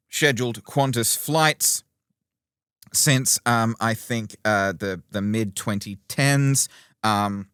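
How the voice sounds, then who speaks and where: A man co-hosting an aviation podcast in a low, smooth and resonant voice. He talks casually, stopping and restarting often. The sound is dry and close. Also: a bit bright, no room sound. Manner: hesitant, many restarts. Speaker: podcast co-host, aviation journalist.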